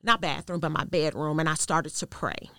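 A woman guest sharing a personal testimony in an interview, telling it in an earnest, measured way that goes quiet at the tense parts. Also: low voice, fairly even intonation, no room sound, studio quality. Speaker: podcast guest.

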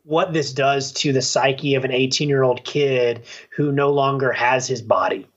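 A man co-hosting a podcast, chatting casually about a film and acting out scenes in quick put-on voices. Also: mid-range voice, lo-fi sound. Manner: animated, acts out scenes with quick voice changes. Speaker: podcast co-host. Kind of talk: casual movie review chat.

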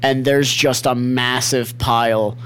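A man's voice: medium pitch, takes it slowly, a little hiss or hum. A man co-hosting a podcast in casual chat, telling stories with lots of laughter, acting out quotes and swearing freely. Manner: animated storyteller, laughs often, acts out quotes. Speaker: podcast co-host.

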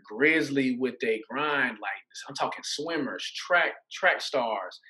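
A man, an interview guest giving a casual faith testimony as an animated storyteller who acts out voices and laughs often. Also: mid-range voice, slow pace, poor audio. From Atlanta, USA.

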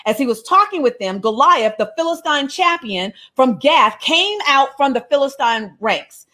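Animated woman teaching a casual Bible study, reading aloud and commenting, with a bright, high voice. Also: normal speed. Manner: lively and conversational, breaks off reading to comment.

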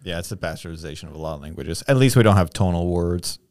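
A man co-hosting a casual podcast, chiming in with animated asides. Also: low-pitched, fast talker. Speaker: podcast co-host. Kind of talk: casual chat.

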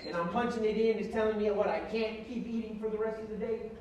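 A pastor with a strikingly high voice preaches to his church. His delivery is animated and emphatic, and it carries from a distance through a very echoey hall. Faint music sits under his words. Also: quick pace, lo-fi sound, a little hiss or hum. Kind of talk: sermon.

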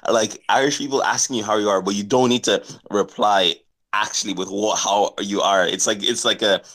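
A young man from Nigeria talks in relaxed podcast chat, laughing easily. His voice sits very low with a gravelly fry. He fills his sentences with casual fillers. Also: normal speed.

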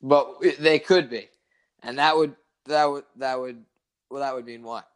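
A man chatting casually, teasing his co-host with quick wisecracks. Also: mid-range voice, fairly even intonation, smooth. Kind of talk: casual chat.

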